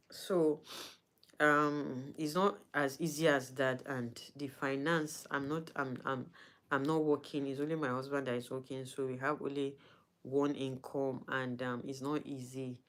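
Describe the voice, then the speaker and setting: A woman talking to her followers in a personal vlog, halting and emotional, with frequent restarts, sounding weak and in pain. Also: a bass voice. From Nigeria. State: in pain and weak from not eating. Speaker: vlogger.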